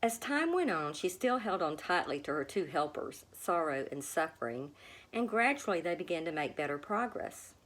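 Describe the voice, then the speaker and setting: A woman reads a children's story aloud in a gentle, expressive way. Her voice sits a little low, yet it swings widely up and down as she tells the tale. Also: moderate pace. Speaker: storybook reader. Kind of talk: storybook read-aloud narration.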